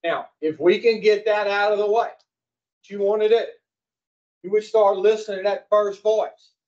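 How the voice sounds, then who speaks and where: A man's voice: sits high, fairly even intonation, moderate pace, darkish tone. A man giving a casual, folksy teaching talk to a recovery group, blunt and profane, quizzing his listeners directly. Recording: dull lo-fi recording.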